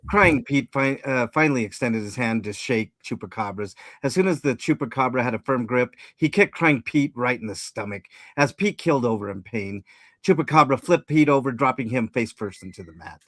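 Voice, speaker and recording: A man on a podcast reading a comedic story aloud in a casual, steady way, correcting himself now and then. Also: medium pitch, fairly quick, dry recording, clean studio sound. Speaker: podcast co-host and story reader.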